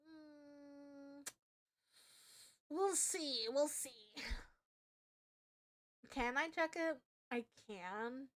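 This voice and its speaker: A young woman streaming live, reacting excitably with swearing and loud outbursts. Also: a little high.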